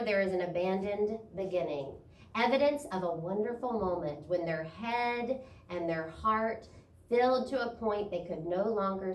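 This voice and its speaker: A woman's voice: on the high side, a little hiss or hum. A woman spiritual leader giving a sermon, reading expressively from a book. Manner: expressive, animated reading, laughs easily. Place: church sanctuary. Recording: echoey room, distant mic, faint ambience.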